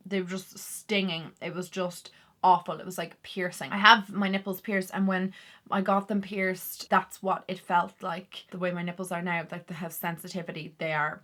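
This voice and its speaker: Bright-voiced woman vlogging. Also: on the low side. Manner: chatty and candid, many "like" fillers. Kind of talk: casual talk to camera.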